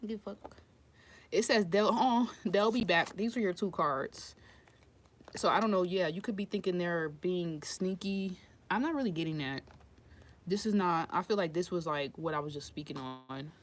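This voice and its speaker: A woman's voice: on the low side, normal speed, slight background noise. A woman doing a casual live-stream tarot reading, blunt and profane, often laughing. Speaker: tarot reader.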